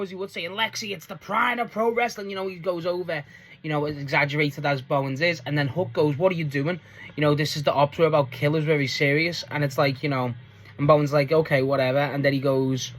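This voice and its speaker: A man giving a casual, rambling solo review recap, full of likes and ums, casual swearing, and bursts of pitch when he acts out quotes. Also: fairly bright tone, slightly rough. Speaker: show reviewer.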